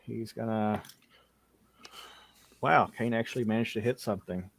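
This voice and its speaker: A man narrating a tabletop game as game master, casual, laughing often and voicing characters in quick bursts. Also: fairly low pitch, vocal fry.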